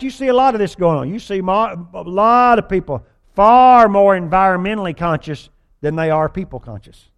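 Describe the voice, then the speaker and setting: This preacher's voice sits fairly high, and his sermon has a folksy, funny feel. Between passages of scripture he drops in playful asides and over-the-top whiny impressions.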